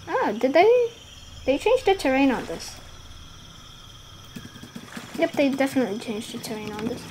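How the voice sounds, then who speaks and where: A woman giving casual gameplay commentary, giggling and rambling, trailing off mid-sentence and bursting into excited shouts. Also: high-pitched, unhurried, long pauses, background noise. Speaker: gaming YouTuber.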